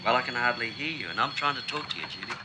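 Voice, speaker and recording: An actor playing a late-night radio talk host, who speaks to a caller in a soothing, upbeat, coaxing way. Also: male voice, mid-range voice, expressive, rapid-fire, noisy background, lightly acted. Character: cheerful radio host, earnest and reassuring. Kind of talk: film drama acting.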